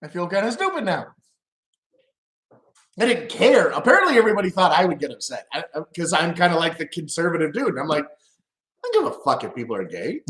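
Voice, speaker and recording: Man, middle-aged, casual storytelling, profane, animated pitch, slightly high voice. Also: fast, roomy sound. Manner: profane, loose and animated, laughing at his own stories. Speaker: live streamer. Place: at home.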